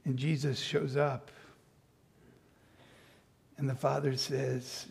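A man's voice: mid-range voice, flat delivery, slow, vocal fry, pauses often, darkish tone, slightly rough. A man preaching a sermon, reading scripture and then retelling the story with playful acted-out asides. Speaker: pastor.

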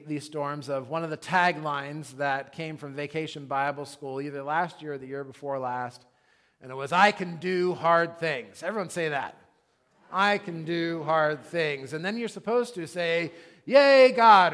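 A man in his thirties, a pastor, preaching a sermon in a conversational, animated way with casual asides. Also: on the high side.

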